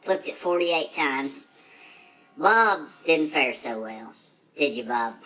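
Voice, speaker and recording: Man doing a cocky redneck drag racer, foul-mouthed, rambling trash talk, bright sharp voice, comedy monologue. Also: fairly high pitch, expressive, slow, faint music behind, full character voice, rough recording. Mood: brash.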